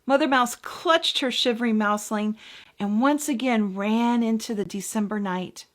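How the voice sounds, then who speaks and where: A woman minister reading a children's story aloud to her congregation with expressive, gentle delivery. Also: a little high, moderate pace.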